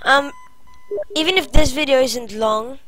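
Over faint background music and poor audio, a woman with a high, bright voice speaks a little slowly while playing a horror game. Easily startled, she yelps at every jump scare in her let's-play commentary.

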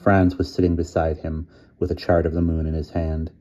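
A man reading a storybook aloud in a measured, plain way. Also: very deep voice, flat delivery, dark tone, highs cut off. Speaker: audiobook reader.

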